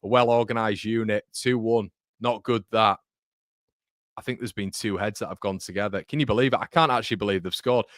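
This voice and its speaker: A man hosting a live football watchalong, chatting casually with viewers and calling them mate, with loud bursts of excitement when goals go in. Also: lowish voice, a little fast, dry recording, studio quality. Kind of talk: live match reaction chat with viewers. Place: home room.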